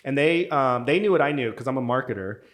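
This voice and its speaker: Brief: male guest, animated storyteller, quotes people in voices. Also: mid-range voice, fast. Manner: animated, acts out quotes, says "dude" a lot. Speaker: podcast guest. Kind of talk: casual storytelling.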